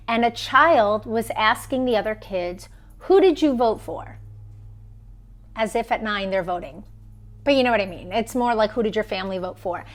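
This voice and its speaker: A woman in her thirties talks into her phone on a live stream, her voice sitting a little high. She tells the story with emphasis and swings her voice up and down as she acts out the people in it. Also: fairly bright tone. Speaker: vlogger.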